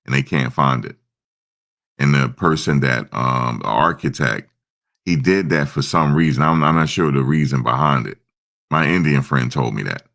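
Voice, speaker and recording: Male streamer, very deep and gravelly, casual, rambling chat. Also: normal speed, a bit bright. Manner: rambling, chats with viewers' comments. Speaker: livestream host.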